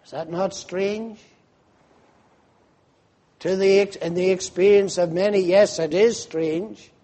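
A man preaching a fervent sermon, slow and emphatic, rising to loud cries when quoting pleas to God. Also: sits high, fairly even intonation.

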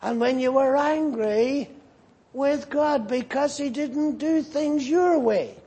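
A man's voice: very high voice, takes it slowly, warm tone. A man preaching a sermon and animatedly voicing the scripture figures as he retells the story.

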